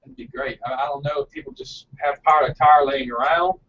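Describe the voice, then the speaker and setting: A man's voice: on the high side, brisk, distant mic, dull audio, slight background noise. A man who owns a small frozen yogurt shop, chatting earnestly and a bit rambling on a casual live broadcast.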